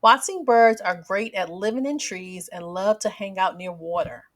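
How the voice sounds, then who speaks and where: A woman teaching a children's phonics lesson, speaking slowly and splitting words clearly into syllables. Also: mid-range voice. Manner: slow, clearly segmented words for kids.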